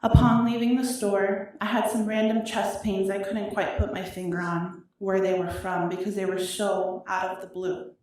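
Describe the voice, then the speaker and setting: A woman reading her own victim impact statement aloud in a courtroom, emotional and halting, her voice wavering with grief. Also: mid-range voice, little pitch movement, darkish tone, slight background noise. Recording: echoey courtroom audio from far off.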